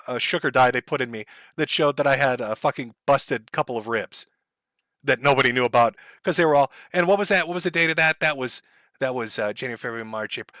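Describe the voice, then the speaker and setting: A middle-aged man rants on a live stream, heavy with sarcasm and mocking taunts. His voice sits a bit high for a man and comes across bright and forceful, recorded dry and close. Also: no echo. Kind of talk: sarcastic livestream rant.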